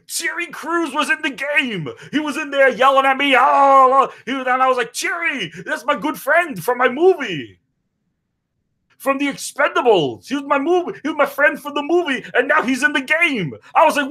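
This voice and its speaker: A boastful, foul-mouthed action movie star rambles through a comedic parody interview in a high, raised voice, as a man puts him on. He jumps from story to story and breaks into bursts of shouting and sing-song. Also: exaggerated voice. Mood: rambling boastful.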